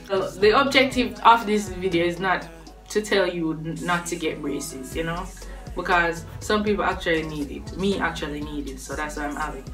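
A woman's voice: on the low side, moderate pace, a bit bright, far from the mic. A young woman with a Jamaican accent talking casually to camera, chatty and laughing between points. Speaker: vlogger. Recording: voice a bit off-mic with faint music behind.

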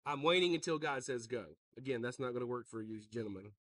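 A pastor preaching a sermon, joking with the congregation and calling out to them. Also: male voice, mid-range voice, fast, no room sound, far from the mic. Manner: joking, animated, calls out to the congregation.

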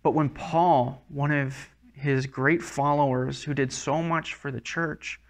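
A man's voice: on the high side, steady tone, takes it slowly, creaky. A man preaching a sermon as a pastor, earnest and conversational, often restarting his words.

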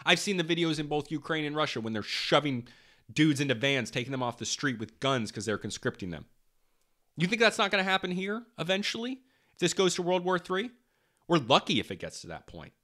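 A man's voice: a little high, sing-song, a little fast, fairly bright tone. A young man hosting a podcast, delivering a heated political monologue, swearing often and repeating himself for emphasis. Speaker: podcast host.

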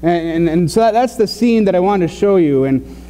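A man's voice: high-pitched, expressive, a little fast, mellow, in a large hall. A man preaching a sermon in a loose, conversational way, full of fillers and restarts. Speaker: pastor. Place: church sanctuary.

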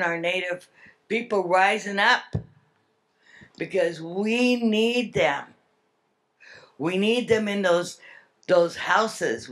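An older woman giving an earnest, heartfelt public speech at a summit. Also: on the low side. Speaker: speaker at a salmon summit.

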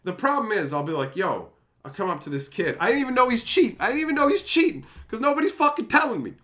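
Fiery, profane high-voiced man ranting. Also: very animated, fast, sharp tone. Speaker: stream host and tournament organizer. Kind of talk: heated storytelling rant.

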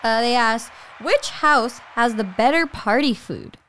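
A woman's voice: on the high side, animated, unhurried, fairly bright tone, slight background noise. A young woman co-hosting a podcast in casual chat, playful and teasing, laughing often. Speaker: podcast co-host.

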